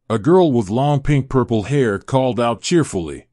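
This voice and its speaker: A man's voice: medium pitch, lively intonation, normal speed, warm tone, no room sound. Man narrating fan fiction, dry close sound. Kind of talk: reading fan fiction aloud.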